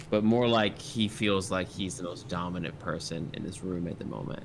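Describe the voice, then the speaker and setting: A man with a low voice narrates a tabletop game as its game master. He rambles casually and fills his sentences with "like" and "uh". A faint hiss sits under the recording. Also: normal speed, creaky. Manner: casual, rambling with many fillers.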